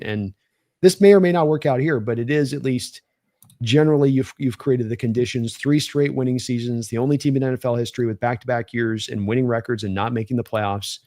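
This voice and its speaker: A man's voice: mid-range voice, fairly quick, mellow, no echo. Guy ranting about football, rambly, dry close mic. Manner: opinionated, rambling with restarts. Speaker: podcast co-host. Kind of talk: casual sports talk stream.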